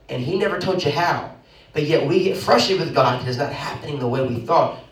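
A young man, the pastor, preaching an animated sermon with sudden loud bursts and quick asides, recorded in a church. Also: medium pitch, creaky. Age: young adult. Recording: roomy echo, mic at a distance.

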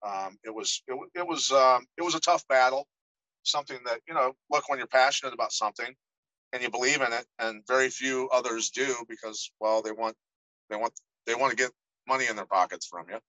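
A middle-aged man tells stories as a podcast guest, animated and quick to act out the voices of the people he quotes. His voice is bright and forceful, and it sounds dry and close to the mic. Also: medium pitch, dry recording, poor audio. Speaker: podcast guest, former fighter. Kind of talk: casual storytelling interview.

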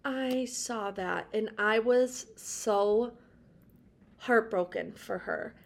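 A woman's voice: on the high side, drawn-out words, vocal fry. A young woman in her twenties, co-hosting a casual pop-culture podcast and telling stories in a bubbly, gushing way. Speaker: podcast co-host.

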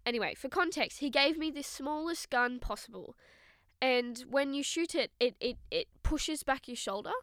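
A woman in her twenties co-hosting a podcast, telling stories in a casual, animated way. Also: sits high, moderate pace, no echo, studio quality. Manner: animated storytelling with quoted voices. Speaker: podcast co-host. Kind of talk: casual chat.

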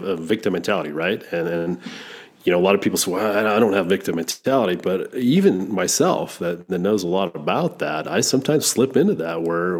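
Husky-voiced male interviewer. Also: sits low. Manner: reflective, encouraging questions. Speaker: host. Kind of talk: conversational interview.

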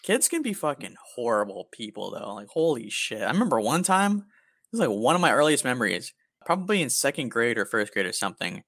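A young man co-hosting a podcast, swearing casually and acting out stories with squeaky impressions. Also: a little fast, no echo, studio quality. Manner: profane, animated storytelling with squeaky impressions. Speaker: podcast co-host. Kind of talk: casual chat, storytelling.

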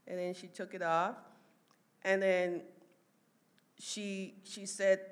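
Woman, chatty storytelling, lots of laughs, jumps up high when she quotes people. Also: unhurried. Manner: animated, laughs often, quotes others in raised voice. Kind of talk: casual family storytelling.

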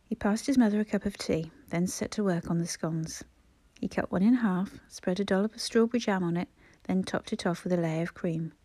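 A woman narrating a novel in a soft, often near-whispered reading. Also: lowish voice, a little fast, dry recording. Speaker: audiobook narrator. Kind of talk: scripted narration.

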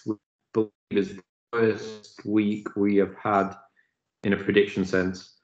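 A man hosting a casual sports podcast, speaking in a halting way with fillers. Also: fairly low pitch, flat delivery. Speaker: podcast host. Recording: dull lo-fi audio.

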